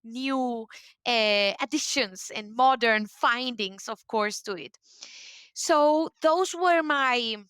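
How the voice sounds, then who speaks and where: A woman's voice: fairly high pitch, slow pace, a bit bright, clean tone, no room sound. A woman with a Spanish accent, a guest in an interview, telling her story with enthusiasm and many fillers. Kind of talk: casual interview talk.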